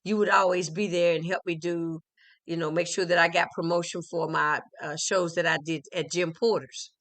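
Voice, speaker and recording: A woman hosting an interview, chatty and quick to affirm her guest. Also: lowish voice, steady tone, a bit bright. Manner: chatty, affirming with okay and right. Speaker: interview host. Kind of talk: conversational interview.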